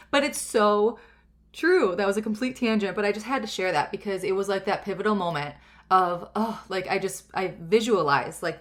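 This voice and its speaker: A woman in her thirties hosting a self-help podcast, talking in a chatty, rambling and earnest way with many fillers. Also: fairly low pitch. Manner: earnest and gentle. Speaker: podcast host.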